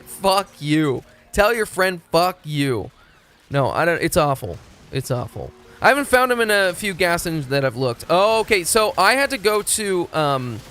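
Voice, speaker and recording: A man's voice: fairly high pitch, fairly bright tone. A young man from Texas, chatting casually and profanely on a live stream. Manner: rambling, profane, laid-back.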